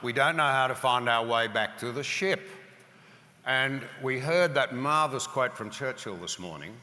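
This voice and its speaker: A man's voice: mid-range voice, sharp tone. Earnest older Australian man in a hall. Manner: earnest, builds to emphatic points. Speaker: panelist. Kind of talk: storytelling speech to an audience. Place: large hall with audience. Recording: reverberant hall.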